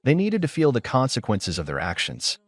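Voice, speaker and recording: A man narrating a first-person story in a steady, measured way. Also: medium pitch, no room sound.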